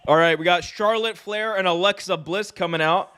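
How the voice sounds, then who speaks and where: A man hosting a live wrestling watch-along, talking in an excitable, slangy way and laughing often. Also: sits high, smooth. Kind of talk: live reaction commentary.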